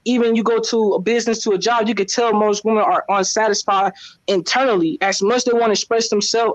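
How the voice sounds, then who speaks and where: Lecture like a preachy man checking in with listeners, high voice, muffled line. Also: no echo. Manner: preachy, keeps asking "you know what I'm saying". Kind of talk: casual group audio chat. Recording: dull lo-fi call audio.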